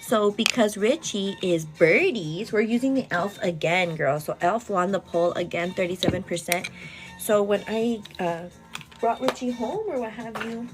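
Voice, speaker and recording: A woman chatting through a casual story as a vlogger, animated and full of "girl" and "like". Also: mid-range voice, a little slow, music in the background. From El Paso, Texas area.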